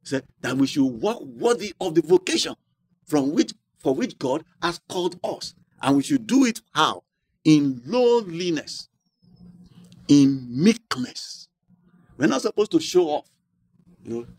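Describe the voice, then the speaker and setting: Pastor preaching with call-and-response. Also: male voice, fairly high pitch, very animated, unhurried, pauses often, a little mellow, slightly rough. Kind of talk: sermon.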